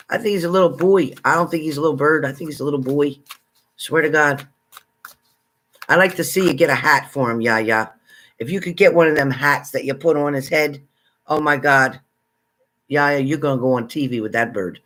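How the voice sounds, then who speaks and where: A man hosting a casual livestream, chatting with viewers and greeting them by name, excitable and exclamatory. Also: a little high. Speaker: livestream psychic reader. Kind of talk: casual live chat with viewers.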